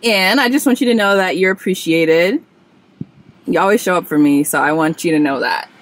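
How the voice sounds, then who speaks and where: A woman's voice: fairly low pitch, normal speed. A young woman vlogging on a handheld phone outside by her car in the cold, talking casually and gushing with emotion. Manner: animated, laughing, gushing with emotion. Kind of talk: casual vlog chat.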